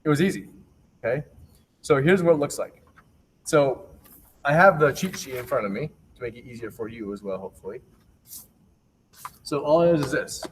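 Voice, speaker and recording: A man's voice: mid-range voice, normal speed, pauses often. A young male teacher walks young kids through a clapping game in an upbeat, reassuring way. He sits back from a laptop mic, so he sounds a little distant. A faint hiss runs under his voice. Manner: upbeat, reassuring, counts out rhythm calls. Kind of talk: remote lesson to young children.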